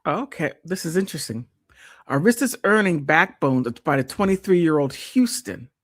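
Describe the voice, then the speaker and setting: A woman's voice: sits low, animated, moderate pace. A woman hosting a live stream, chatting casually and reading from an old article, often exclaiming and restarting her sentences.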